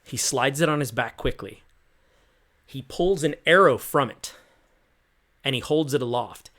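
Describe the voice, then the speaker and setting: A male game master narrates a tabletop session in a relaxed, conversational voice of middling pitch. He paints cinematic scenes and scatters casual fillers through them. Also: unhurried.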